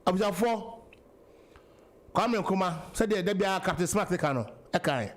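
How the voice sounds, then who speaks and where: Ghanaian male radio host, very high voice, impassioned and repetitive commentary. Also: expressive, normal speed. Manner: impassioned, repetitive, switching between English and Twi. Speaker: radio talk show host. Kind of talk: political talk radio commentary.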